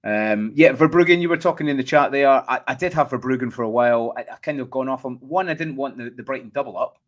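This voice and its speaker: A Scottish man hosting a casual football chat, talking in an animated way and often asking "do you know what I mean". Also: mid-range voice, fast talker. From Scotland. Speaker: podcast host.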